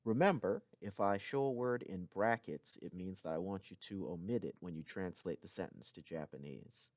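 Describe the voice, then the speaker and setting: A man giving a recorded language lesson, explaining clearly with occasional casual asides. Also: low-pitched, moderate pace, a little mellow, no echo. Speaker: language teacher.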